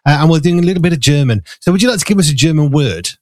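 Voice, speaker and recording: A man's voice: a little high, lively intonation, rapid-fire, a little mellow, dry recording. A British man hosting a live radio show, chatty and teasing, with a slightly rambling way of talking. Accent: British English. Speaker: radio presenter. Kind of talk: casual live radio chat. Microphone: studio microphone.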